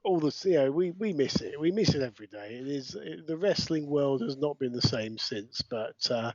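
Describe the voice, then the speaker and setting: A man's voice: mid-range voice, lively intonation, moderate pace, darkish tone, dry recording. A man co-hosting a casual podcast chat, rambling with fillers and restarts. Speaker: podcast co-host. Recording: dull lo-fi dry sound.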